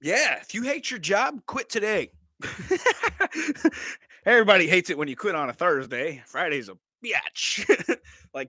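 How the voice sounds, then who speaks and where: A man in his thirties hosts a casual livestream, joking and laughing between lines. His pitch swings widely and sits a little high for a man. The sound is dry and close with no room around it. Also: very animated, measured pace, pauses often, sharp tone, breathy edge, no echo. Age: 30s. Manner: laid-back, joking, laughs often, swears casually. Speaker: livestream vlogger.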